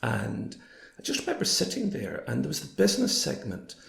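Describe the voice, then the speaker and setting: A man in his fifties, hoarse, telling stories as an interview guest. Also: medium pitch, brisk. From Scotland. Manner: anecdotal, quoting others in lively voices. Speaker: guest, former broadcaster. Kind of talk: storytelling in a casual interview. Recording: roomy echo.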